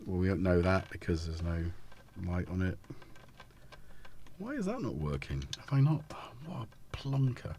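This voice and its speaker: A man's voice: low voice, wildly swooping pitch, normal speed, pauses often, darkish tone, slight background noise. A man hosting a casual live stream, talking in a rambling, self-interrupting way while he fits synth modules into a case. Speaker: host.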